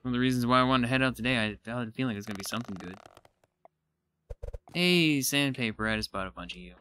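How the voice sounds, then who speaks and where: A man giving casual let's-play commentary, excitable and thinking aloud as he explores, now and then poking fun at himself. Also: medium pitch, fast, clear, resonant tone. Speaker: gaming YouTuber.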